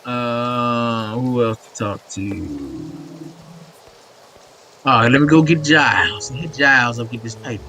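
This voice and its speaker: A man's voice: mid-range voice, lively intonation, slow pace, pushed and bright, a little hiss or hum, low-quality recording. A man playing a video game and commenting, thinking aloud with a puzzled manner. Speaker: gaming streamer. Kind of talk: let's play commentary.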